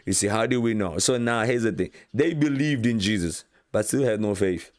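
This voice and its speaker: A man delivers an informal sermon in a very deep voice. He retells Bible stories with lively acted-out quotes and often repeats himself as he builds a point. The sound is dry and close. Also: normal speed, no room sound. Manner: animated, acts out Bible scenes with quoted voices, repeats words. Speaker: preacher.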